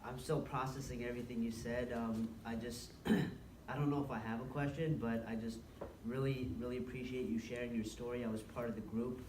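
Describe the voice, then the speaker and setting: A man speaks from across an echoey room, hesitant and earnest, stopping often as he gathers his words. Clear background noise is audible behind him. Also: mid-range voice, level tone, a little fast, far from the mic. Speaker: class participant. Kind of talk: spoken thanks in a class.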